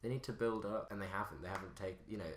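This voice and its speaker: A young man on a casual film-review podcast, joking and animated, sometimes putting on mocking voices. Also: on the low side, fast talker, slight background noise. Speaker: podcast co-host. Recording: roomy echoing room.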